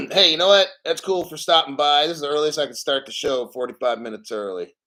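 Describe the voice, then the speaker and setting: A man's voice: fairly high pitch, fairly quick, vocal fry, fairly bright tone. Slightly winded man hosting a crypto livestream. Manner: loose, rambling, jokey. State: a little out of breath. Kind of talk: casual livestream chat reading donations.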